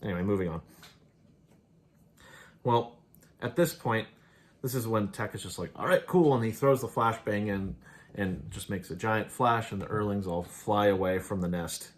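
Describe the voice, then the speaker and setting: A man's voice: fairly low pitch, moderate pace, pauses often. Rambling man recapping a show. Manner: rambling, laughs often, quotes characters offhandedly. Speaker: show host reviewing episodes. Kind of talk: casual recap and review.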